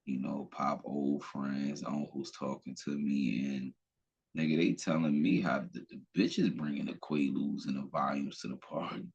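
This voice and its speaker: A man's voice: a bass voice, steady tone, normal speed, creaky, a little mellow, slightly rough, muffled recording. A man hosting a podcast, talking bluntly and profanely in a rambling, casual way with frequent restarts. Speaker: podcast host. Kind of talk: casual opinion talk.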